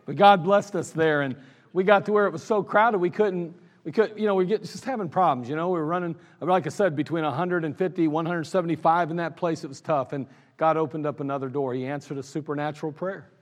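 A man with an Ohio accent, a pastor telling his church's history in an anniversary sermon, animated and laughing at his own stories. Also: fairly high pitch, quick pace. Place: church sanctuary. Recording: church service recording with long hall reverb.

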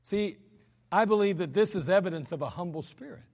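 A man's voice: sits high, brisk, darkish tone. A man preaching an earnest, conversational sermon with humorous asides in a church service. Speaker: pastor. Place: church sanctuary. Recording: archived church service with long hall reverb.

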